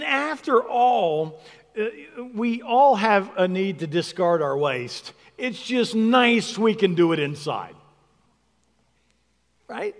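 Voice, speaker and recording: A man's voice: high voice, long reverb tail. A man preaching a sermon in a reflective, conversational way, repeating words to stress a point.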